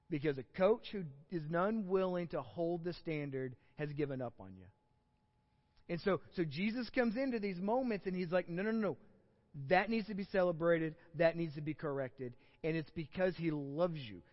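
Texan pastor preaching in a reverberant hall. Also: male voice, a little high, lo-fi sound. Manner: conversational preaching with many restarts, rising to emphatic peaks. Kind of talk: sermon. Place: church.

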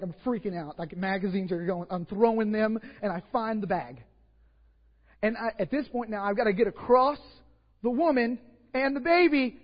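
High-voiced Texan pastor in a reverberant hall. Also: male voice. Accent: Texas. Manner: animated, swings from hushed asides to loud bursts. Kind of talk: sermon storytelling. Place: church sanctuary. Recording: dull, lo-fi church hall recording with long reverb.

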